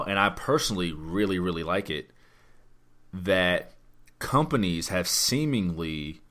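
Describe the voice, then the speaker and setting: A man hosting a podcast, talking through wrestling news in a rambling, emphatic way with lots of rhetorical questions. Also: on the low side. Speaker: podcast host. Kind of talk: casual wrestling chat.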